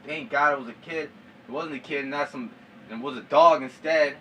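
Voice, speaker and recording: A young vlogger casually tells his viewers a story, slangy and swearing and laughing at his own tale. His fairly high, sharp voice is unhurried with long pauses, sounds a bit far from the mic, and has slight background noise.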